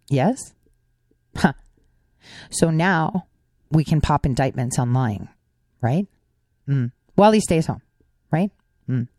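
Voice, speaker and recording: A woman's voice: low-pitched, a little mellow, dry recording, clean studio sound. A woman hosting a political commentary show, talking in sarcastic, musing asides full of rhetorical questions. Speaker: host.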